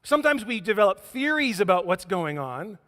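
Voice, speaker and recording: A man's voice: sits high, very animated, fairly quick, sharp tone. A man preaching a sermon as pastor, telling stories with humor and acting out the scenes. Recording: echoey church hall.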